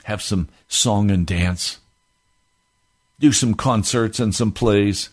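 A man's voice: fairly low pitch, slow pace, pauses often. Impassioned male preacher. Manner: impassioned, rising to fervent outbursts. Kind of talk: sermon.

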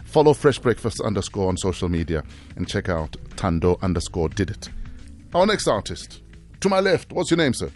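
Male radio host, lower voice, calm interviewer, faint music bed. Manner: measured, short listening sounds, easy interviewing. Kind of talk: breakfast radio hosting. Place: radio studio.

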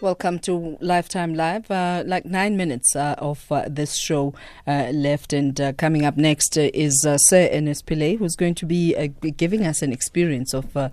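A South African man hosting a radio interview show, chatty and easygoing, with many filler pauses. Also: on the high side, fairly even intonation, a little mellow, no echo, soft background music. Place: radio studio.

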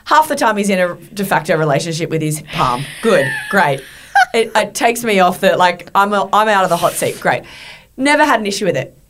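A middle-aged woman hosts a casual chat, her voice sitting on the lower side. She tells stories in a lively, animated way, swearing freely and laughing often. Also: brisk, background noise. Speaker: podcast host.

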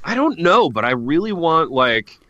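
A man's voice: on the high side, sing-song, normal speed, crowd noise. A man co-hosting a podcast in casual comedic banter, joking and calling his co-hosts "baby". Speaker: podcast co-host. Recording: dull, lo-fi dry sound.

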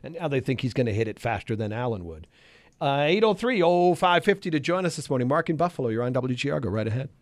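A man hosting a sports radio show, chatting casually with animated, exasperated asides in a radio studio. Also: medium pitch, fast, no echo.

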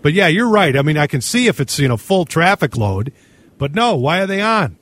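A man's voice: a little high, sing-song, fairly quick, fairly bright tone. A man hosting a call-in radio show, casual and joking as he reads listener texts. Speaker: radio host. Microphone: studio microphone.

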